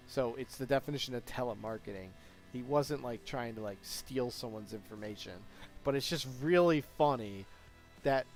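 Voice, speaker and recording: A young man chatting casually on a live stream, rambling through his stories with plenty of fillers and laughter. His voice sits at an ordinary middle pitch. Faint music plays underneath. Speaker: streamer talking with chat. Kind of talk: casual chat.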